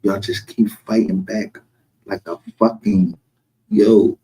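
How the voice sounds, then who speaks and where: A man's voice: lowish voice, level tone, slow pace, dark tone, breathy edge, rough recording. A man with a Southern US accent hosting a livestream, talking in a profane, mocking way and laughing often. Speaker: streamer host. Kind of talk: casual livestream commentary.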